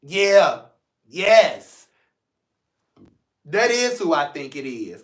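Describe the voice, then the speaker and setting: Speaking very slowly with long pauses, this St. Louis, Missouri man has a fairly high voice that echoes around the room. On his solo livestream talk show he chats and jokes with animation, then slides into heartfelt, emotional reflection.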